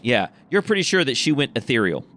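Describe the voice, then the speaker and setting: A man's voice: mid-range voice, big pitch swings, fairly quick, a bit bright. A man running a tabletop game as game master, narrating casually with self-corrections.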